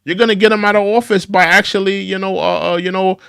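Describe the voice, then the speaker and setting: A man's voice: high voice, fairly even intonation, quick pace, creaky, fairly bright tone, clear, resonant tone, no echo, studio quality. A man hosting a political reaction show, scolding the clips he plays and often repeating himself. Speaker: political commentary host. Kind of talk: reaction commentary.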